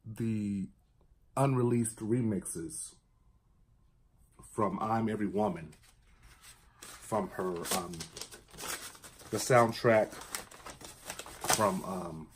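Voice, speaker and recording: A man's voice: very slow, long pauses, husky. Enthusiastic man chatting about records. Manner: enthusiastic, breaks into high falsetto singing along. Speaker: vinyl collector vlogger. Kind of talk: casual chat.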